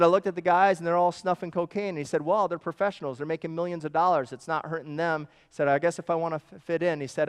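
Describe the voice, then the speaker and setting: A man preaching a sermon, telling stories in long quoted runs and swinging between hushed and emphatic delivery. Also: fairly high pitch, smooth, long reverb tail. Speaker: pastor.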